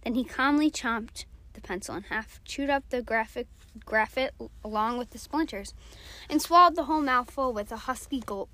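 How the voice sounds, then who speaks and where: A woman reading a novel aloud, narrating lively and acting out the characters' dialogue. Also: fairly high pitch, normal speed, dry recording. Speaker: reader.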